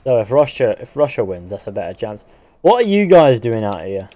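His medium-pitched voice is warm and sing-song, fairly quick, with no echo. The speaker is an Englishman whose accent mixes Northern and West Country with a Midlands sound, streaming a game, reading viewer comments, and chatting bluntly with swearing.

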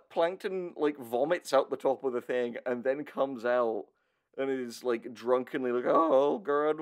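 Slow, unhurried man recapping a cartoon. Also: medium pitch. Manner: unhurried storytelling, laughs often. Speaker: podcast co-host. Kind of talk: comedic episode recap.

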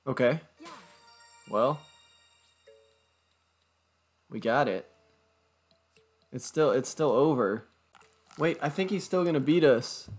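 A man's voice: mid-range voice, a little mellow. A young man commentating his own gameplay, exasperated, swearing and groaning at his bad luck. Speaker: gaming YouTuber.

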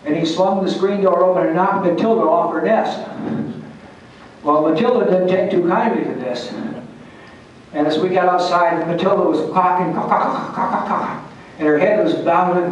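A man's voice: sits high, fairly even intonation, normal speed, slight background noise. An older man, a retired Air Force pilot, telling folksy, salty stories with restarts and chuckles to a meeting audience. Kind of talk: casual storytelling to an audience. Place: large hall at a historical society meeting. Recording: distant, very echoey hall recording.

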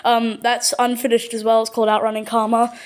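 A woman with an Australian accent casually narrating a showcase of her own artwork, stumbling over words and filling pauses with lots of ums. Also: fairly high pitch, completely flat delivery. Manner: hesitant, full of ums and repeated words. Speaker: channel owner.

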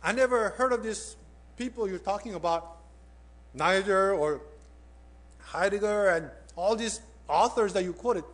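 A humble old man asks his question plainly and earnestly, as a preacher acts him out in a sermon, in a raised, slightly high male voice. He keeps each point simple and pointed. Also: a little slow, a bit bright.

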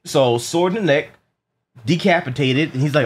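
A man chatting casually in a movie review, animated and profane, often repeating words and acting out lines from the film. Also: fairly high pitch, normal speed, heavy background noise.

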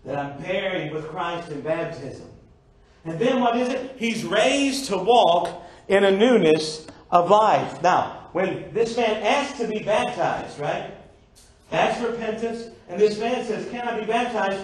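Man, preacher, sermon, joking asides, rhetorical questions, distant mic, booming church echo. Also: lively intonation, slow pace. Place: church sanctuary. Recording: echoey church from far off.

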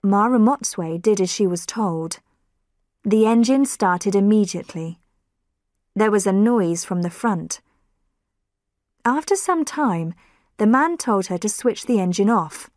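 Slow, clear woman narrating a graded reader. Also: mid-range voice, lively intonation, darkish tone, no room sound, clean studio sound. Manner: slow, clear storytelling with quoted voices lightly lifted. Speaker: audiobook narrator.

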